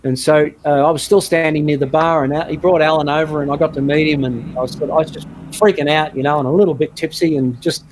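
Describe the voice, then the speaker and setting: A man chatting as a guest guitarist in an interview, telling a long anecdote in a relaxed, rambling way. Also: on the high side, fast talker, few pauses, slight background noise. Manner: chatty anecdotal storyteller, frequent restarts. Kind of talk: casual storytelling interview.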